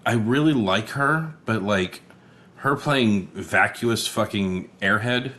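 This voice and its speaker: A man's voice: lowish voice, slow pace, sharp tone, slight background noise. A man co-hosting a casual movie-review podcast. He is laid-back and tired late at night, swears freely, and often trails off mid-thought. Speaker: podcast co-host.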